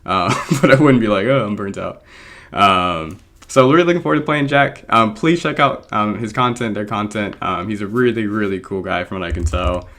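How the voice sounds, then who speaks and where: While playing a competitive game, a man chats casually, rambling, saying um a lot and laughing at himself. He is a draft league coach and video creator, born in England and raised American, with a lowish, somewhat bright voice that moves fairly quickly with few pauses.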